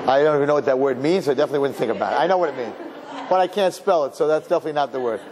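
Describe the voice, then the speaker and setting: A man, a rabbi, giving a lively Torah lecture to an audience, acting out other people and dropping in Yiddish and Hebrew words. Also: rapid-fire, a faint crowd. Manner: animated, acts out people with high voices, Yiddish and Hebrew words. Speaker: rabbi teaching a class.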